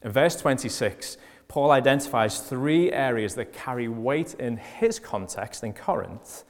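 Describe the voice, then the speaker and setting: A man with a Liverpool accent preaching a sermon, stressing key phrases loudly and dropping to quieter asides. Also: medium pitch, expressive, a little slow, in a large hall. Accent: Liverpool (Scouse). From Liverpool, England.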